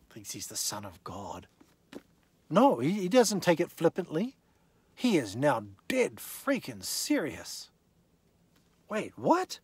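A man giving an animated, conversational Bible lesson, firing rhetorical questions straight at the listener. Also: fairly high pitch, husky, dry recording. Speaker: Bible teacher.

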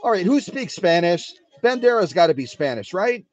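A man from Wisconsin hosting a casual live stream from his home workshop, chatting to his viewers in an animated way. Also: sits high, moderate pace, faint music behind. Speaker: live-stream host of a sewing machine restoration channel.

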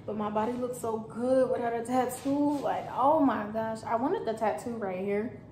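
A woman's voice: on the high side, moderate pace, warm tone, reverberant, slight background noise. Chatty young woman vlogging from her kitchen. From Germany. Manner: blunt, chatty, talks straight to viewers. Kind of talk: casual vlog chat while cooking. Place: home kitchen.

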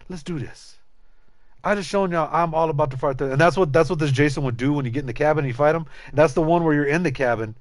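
A man's voice: a little high, very fast, no room sound. A man chatting casually and profanely to viewers while streaming a game, rambling and joking. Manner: loose and profane, rambling, jokey. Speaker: gaming streamer. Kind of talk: casual live-stream chat.

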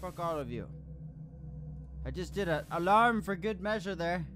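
A man hosting a let's play video, excitable and swearing constantly, shouting when panicked. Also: sits high, normal speed. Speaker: gaming video host. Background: horror game music and sounds.

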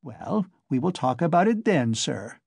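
A man's voice: a little high, very animated, measured pace, vocal fry, a little mellow, breathy edge, dry recording, clean studio sound, heavily acted. A man reading the part of a suspicious old woman moneylender who speaks brusquely. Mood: curt.

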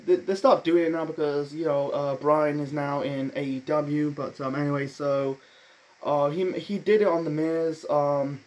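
A man's voice: a little high, a little mellow. A man giving a casual solo review of a wrestling event, rambling with many fillers and restarts, blunt and offhand.

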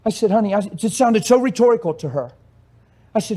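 A man preaching a sermon, telling a story and acting out its conversations, his passion swelling into emphatic shouts. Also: high-pitched, animated, fast.

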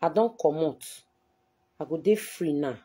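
On a live stream, a woman with a Nigerian Pidgin English accent answers viewers in an aggrieved, defensive, emotional way. Her voice is low, mellow and husky, at a measured pace.

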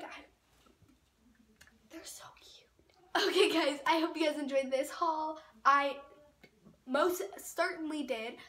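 A woman's voice: sits high, fairly bright tone. Chatty teenage girl vlogging. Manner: chatty, gushing, rambling with many fillers. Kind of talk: casual haul video. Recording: roomy echo, off-mic, faint noise.

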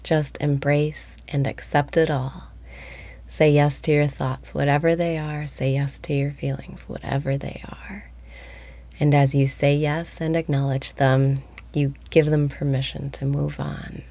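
A woman guiding a meditation, speaking slowly and softly, often breathy and whispered. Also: deep voice, level tone. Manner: slow, soft-spoken, often breathy and whispered. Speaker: meditation guide. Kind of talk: guided meditation.

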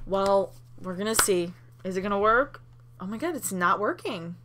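A young woman hosting a Let's Play, reacting with excited laughs and swearing as she plays. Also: medium pitch, normal speed, a little hiss or hum. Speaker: gaming channel host.

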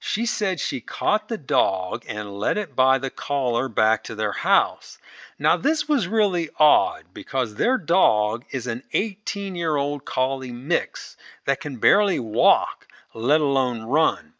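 A man reads a listener's story aloud in a lively voice that swings up and down, and he keeps stopping to add his own asides. His tone is bright and forward. The recording is dry and a little dull, as if made on a lo-fi close mic. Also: medium pitch, slow pace, no room sound. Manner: animated storytelling, breaks in with asides. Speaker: story reader and commentator.

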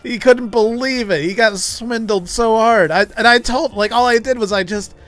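A man's voice: high-pitched, fairly even intonation, normal speed, fairly bright tone. A man streaming a game, telling a long story in a rambling way with many restarts. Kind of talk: casual gameplay commentary.

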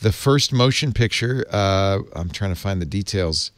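Man, tech show host, lively swinging pitch, dry close sound, casual panel chat. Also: normal speed, no echo. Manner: animated, laughs often, reads ad copy.

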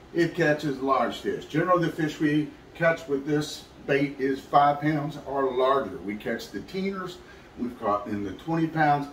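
Guy doing a folksy kitchen how-to, y'all this and that, average pitch, bit of background hiss. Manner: folksy and chatty, calls viewers y'all. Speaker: fishing channel host. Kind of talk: casual how-to video. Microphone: camera mic, filmed by a helper.

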